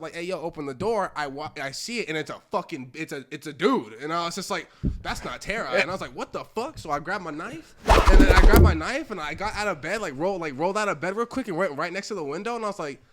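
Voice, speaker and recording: Young male co-host, high and lively, chatty storyteller, crowd noise behind. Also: quick pace. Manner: animated, laughing often, acts out voices in his stories. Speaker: podcast co-host. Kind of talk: casual chat, storytelling.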